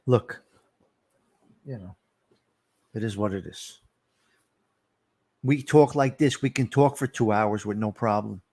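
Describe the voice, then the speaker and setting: A man's voice: on the low side, takes it slowly, long pauses, a little mellow. A middle-aged man, rambling and teasing viewers by name as he hosts a casual live stream. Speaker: livestream host.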